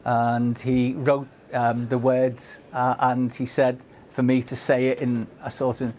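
A man's voice: medium pitch, completely flat delivery, slow pace, a little mellow, a little hiss or hum. A man from Liverpool with a Scouse accent, speaking earnestly as a political guest in a live interview, often stopping and repeating his words.

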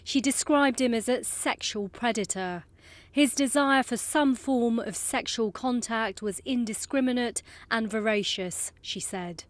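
A woman reporting from court for a news bulletin, in a measured, formal delivery. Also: fairly high pitch.

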